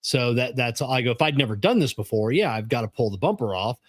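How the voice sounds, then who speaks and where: A man's voice: mid-range voice, expressive, fast talker, no room sound. A man who works as a car mechanic, co-hosting a podcast in casual chat, matter-of-fact with many fillers.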